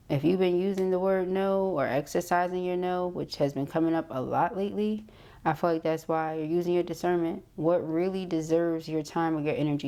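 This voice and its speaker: Low, mellow-voiced woman reading tarot. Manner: tags phrases with "okay?"; reads card messages aloud then interprets. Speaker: tarot reader.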